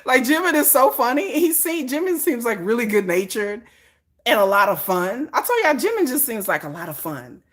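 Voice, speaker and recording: Laughing, animated woman chatting. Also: sits high, a little fast. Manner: laughs often, acts out little scenes in playful voices. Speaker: vlogger. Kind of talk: casual chat.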